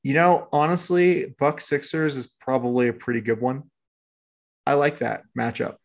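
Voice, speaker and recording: A man's voice: medium pitch, steady tone, normal speed, gravelly. A laid-back man co-hosting a podcast in casual, rambling sports chat. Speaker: podcast co-host.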